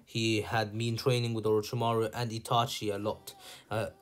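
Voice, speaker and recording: Man reading a story aloud haltingly. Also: on the low side, flat delivery. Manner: halting reading with self-corrections and asides. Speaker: fan fiction reader. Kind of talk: reading fan fiction aloud.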